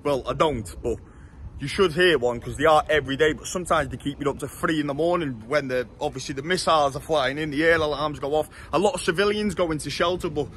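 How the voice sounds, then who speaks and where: A young man chats to his camera as he walks city streets, blunt, jokey and quick to swear. His voice sits high for a man, and traffic and street noise carry clearly behind him. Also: fairly bright tone. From England. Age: 20s. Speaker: travel vlogger. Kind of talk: casual walking vlog.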